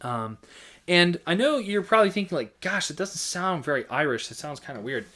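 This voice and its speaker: A man teaching accompaniment rhythms in a casual, halting way, often singing rhythm patterns in nonsense syllables. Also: on the high side. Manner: relaxed, halting, vocalizes rhythms with scat syllables. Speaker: music teacher. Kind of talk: casual instructional talk.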